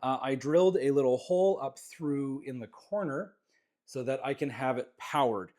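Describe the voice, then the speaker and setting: A man's voice: mid-range voice, moderate pace. Casual man touring his jewellery workshop. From Canada. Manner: relaxed, rambling, many fillers and restarts. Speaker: jewellery maker giving a studio tour. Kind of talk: casual walkthrough vlog. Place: small home jewellery workshop.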